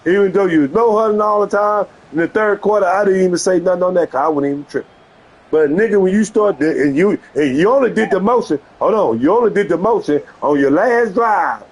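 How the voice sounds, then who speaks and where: A man's voice: high voice, expressive, brisk, poor audio. A man streaming a video game, arguing heatedly with an opponent over voice chat and repeating himself to cut in. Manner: agitated, keeps repeating "hold on".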